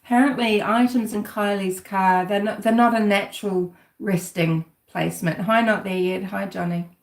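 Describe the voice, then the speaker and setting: A woman's voice: medium pitch, steady tone, normal speed. A woman comments casually on a livestream, rambling and dry with sarcasm. Her voice sits in a middle register. The room around her gives a noticeable echo. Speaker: true-crime commentator. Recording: roomy echo.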